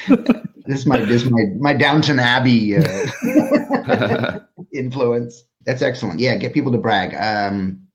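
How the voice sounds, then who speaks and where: A man's voice: medium pitch, very animated, takes it slowly. A middle-aged man, hosting a podcast in casual conversation, telling stories animatedly and swearing freely. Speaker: podcast host and designer. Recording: muffled lo-fi audio.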